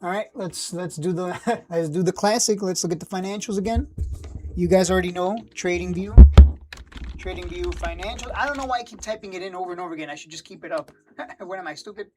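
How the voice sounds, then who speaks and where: Rambling low-voiced woman streaming stock picks. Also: a little fast, over music. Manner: rambling, thinking aloud with fillers and blunt asides. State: losing her voice. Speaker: stock livestream host. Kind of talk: casual live-stream chat.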